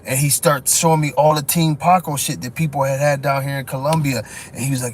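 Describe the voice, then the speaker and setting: A man, telling a story in casual live-stream chat, profane and quick to laugh. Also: on the high side. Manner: loose, profane, laughs often, lots of "you know what I'm saying". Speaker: dog show judge and breeder telling stories.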